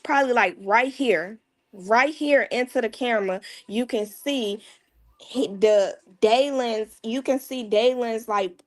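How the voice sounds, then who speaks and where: A mother speaks openly as a guest, recounting a distressing family moment. Her talk is casual and unpolished, full of restarts. She often sinks into a hushed, low tone, and her voice sits at an ordinary middle pitch for a woman. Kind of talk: emotional personal storytelling.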